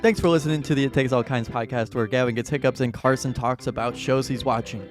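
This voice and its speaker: A young man talks fast and offhand as he wraps up a podcast episode. Soft music plays faintly under his voice. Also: medium pitch, steady tone. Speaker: podcast co-host. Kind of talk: casual chat.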